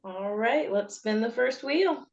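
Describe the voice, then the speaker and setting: A woman co-hosting a casual chat, reading out game phrases in a measured way. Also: a little high, expressive, lo-fi sound.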